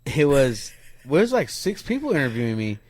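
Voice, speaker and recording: A man's voice: medium pitch, fairly quick, slight background noise. A man co-hosting a casual podcast, telling stories with slang and acting out what people said. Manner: animated storyteller, acts out quotes, slangy. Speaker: podcast co-host. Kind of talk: casual storytelling chat.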